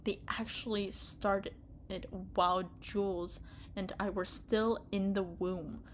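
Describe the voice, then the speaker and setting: A woman reading the lines of a troubled young man in a quiet, halting, subdued way. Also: mid-range voice, fairly even intonation, slight background noise, voice pushed down, lightly acted. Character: troubled young man recalling lab experiments.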